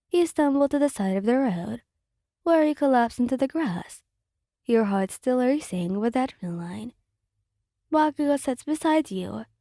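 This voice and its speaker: A woman storyteller reading a fan fiction story aloud in an even, read-aloud way. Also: fairly high pitch, no echo, studio quality.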